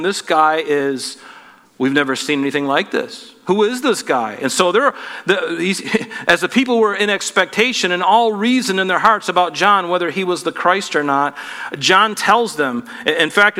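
A man's voice: sits high, sharp tone, big-room sound. A man preaching a sermon as a pastor, earnest and preacherly, building through rhetorical questions.

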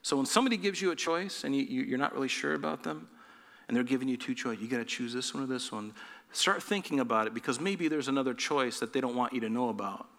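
Bright-voiced preacher in a reverberant hall. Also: male voice, medium pitch, fast talker, vocal fry. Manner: animated preaching with rhetorical questions. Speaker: pastor. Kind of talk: sermon.

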